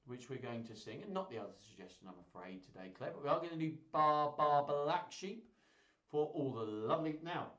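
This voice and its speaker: A man hosts a live children's singalong from home and chats playfully to his toys and viewers. His voice is bright and swoops up and down a lot. The audio is roomy and slightly dull. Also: on the high side, animated, fairly quick. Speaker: children's music show host. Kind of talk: live-streamed kids' singalong chat.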